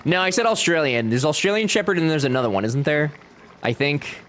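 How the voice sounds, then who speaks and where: A man's voice: fairly high pitch, lively intonation, a little fast, a bit bright, a little hiss or hum. A young man chatting casually with his live-stream chat while playing a game, joking and talking back to viewers.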